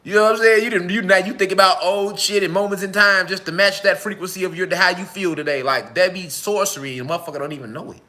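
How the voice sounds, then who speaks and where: High, bright-voiced profane monologuing man. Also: quick pace, hardly any pauses. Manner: profane, emphatic, repeats rhetorical questions. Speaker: online talk host. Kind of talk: casual monologue to viewers.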